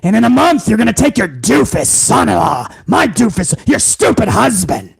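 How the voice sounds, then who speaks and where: A man's voice: high-pitched, big pitch swings, moderate pace, creaky, slightly rough, no echo, full character voice. A man putting on the voice of a tyrannical older company boss, barking insults and threats. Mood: bossy ranting.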